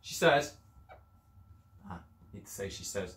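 A man's voice: fairly low pitch, animated, a little slow, fairly bright tone. A male primary school teacher giving an upbeat, encouraging video lesson, sometimes acting out voices as he explains. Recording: echoey room.

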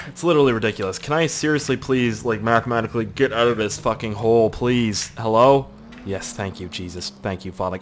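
A man's voice: fairly low pitch, a little fast, slight background noise. Rambling, foul-mouthed canadian guy. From Canada, Nova Scotia. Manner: rambling, crude, jokey, swears a lot; puts on silly voices for quoted people. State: throat irritated, coughing. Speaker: gaming video host. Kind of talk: casual gameplay commentary.

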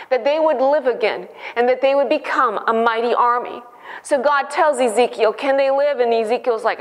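A woman's voice: fairly high pitch, in a large hall. A woman giving an earnest devotional teaching, telling a church story with fervor. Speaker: devotional speaker.

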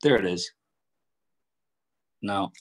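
An older man, a voice actor, answering interview questions over a video call in a relaxed, anecdotal way. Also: low-pitched, drawn-out words. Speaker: voice actor guest.

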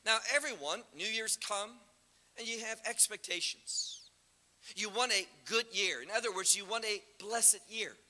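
A man's voice: high voice, unhurried, pushed and bright. A man preaching a sermon as a guest speaker, teaching from scripture and asking the congregation rhetorical questions. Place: church sanctuary. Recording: long reverb of a church hall.

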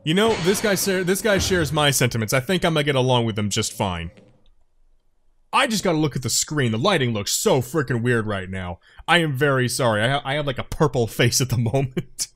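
A man's voice: medium pitch, very animated, a little fast, fairly bright tone. A man casually commenting over a video game, rambling, apologizing often and joking about himself. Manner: rambling, apologetic, self-deprecating. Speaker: let's play commentator.

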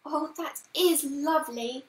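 A woman's voice: sits high, takes it slowly, roomy sound, pitched above the performer's own voice. A woman voicing a polite, curious little girl in a storybook, asking eager, wondering questions.

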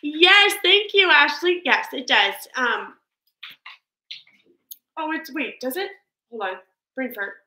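A woman's voice: high voice, expressive, slow pace, long pauses, bright, forceful tone, a little hiss or hum. A woman hosting a casual livestream with her pet parrot, cooing baby talk at it and thanking viewers. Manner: coos baby talk to her bird, laughs often; reads out and thanks viewer comments. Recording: echoey room.

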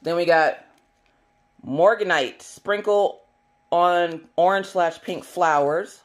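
A woman hosting a casual unboxing video, chatty and enthusiastic, her voice squeaky today. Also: slow pace. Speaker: crafting video host.

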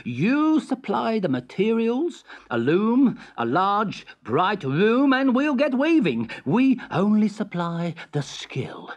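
A storyteller voicing a sly tailor who talks slowly and persuasively in a storybook reading. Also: mid-range voice, very animated, pitched above the performer's own voice. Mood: coaxing. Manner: slow, coaxing, persuasive. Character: sly smooth-talking tailor, man.

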